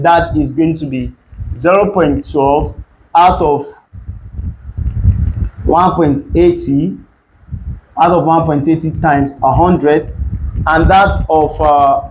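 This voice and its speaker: A man's voice: a little high, slight background noise, poor audio. A man teaching an exam-prep chemistry lesson, working through calculations step by step and repeating key points. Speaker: chemistry tutor.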